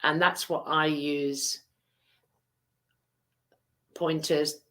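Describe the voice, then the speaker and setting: A woman's voice: deep voice, level tone, drawn-out words, pushed and bright. A woman hosting a podcast, chatting and telling a story in a rambling, teasing way with many fillers. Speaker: podcast host. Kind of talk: casual chat and storytelling.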